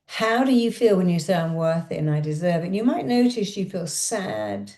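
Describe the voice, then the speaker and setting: Mellow low-voiced woman guiding hypnosis. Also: big pitch swings. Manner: directive, repetitive instructions that slow into a soothing hypnotic countdown. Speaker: self-help speaker and hypnotherapist. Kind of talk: guided affirmation and hypnosis session.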